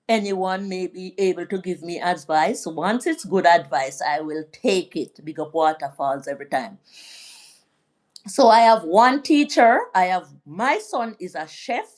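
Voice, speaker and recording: A middle-aged woman from Jamaica hosting a live stream, chatting in a rambling way and giving shout-outs to her viewers. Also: fairly low pitch, a little slow. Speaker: vlog host. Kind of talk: casual live-stream chat.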